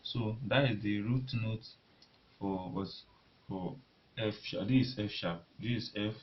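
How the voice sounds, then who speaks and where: A man teaching a beginner piano lesson, talking in a halting way and repeating words as he demonstrates at the keyboard. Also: on the low side. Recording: lo-fi recording with loud piano. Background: piano notes being played.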